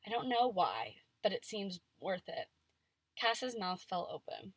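A woman's voice: medium pitch, very animated, measured pace, breathy edge, dry recording. A woman reading fan fiction aloud on a casual podcast, giving the dialogue playful emphasis and chatting between passages.

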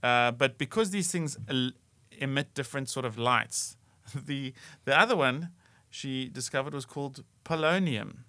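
A man's voice: medium pitch, a little slow, few pauses, sharp tone, no room sound. A South African man co-hosting a comedy podcast, playfully trading trivia and laughing at his own facts. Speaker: podcast co-host. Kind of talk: casual comedy banter.

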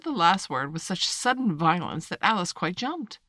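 A woman narrating a children's classic in an even, measured audiobook reading. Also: on the low side, no echo, clean studio sound.

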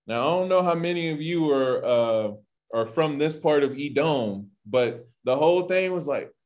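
A man teaching a relaxed Bible study, with a fairly high voice that rises and falls a lot. He is chatty and animated, and he drifts into asides and quick acted-out lines.

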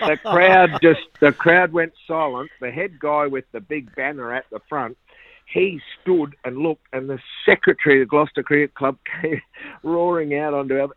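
An older Australian man, a former cricketer, telling lively anecdotes and laughing at his own stories. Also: fairly high pitch, moderate pace, no room sound. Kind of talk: anecdotal storytelling. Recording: tinny phone-like line, dry.

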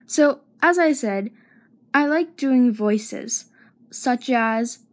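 A woman's voice: on the high side, drawn-out words. A woman giving a scripted comedic monologue as narrator and host, playful and self-mocking, with sing-song emphasis.

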